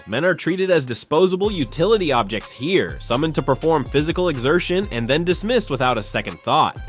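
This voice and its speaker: A man reading scripted commentary in a cold, lecturing, critical tone. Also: on the high side.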